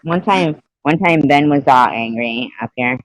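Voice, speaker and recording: A woman's voice: deep voice, unhurried, no echo, poor audio. A woman hosting a live stream, telling stories in casual chat, swearing freely and laughing as she goes. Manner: profane, laughs through her stories.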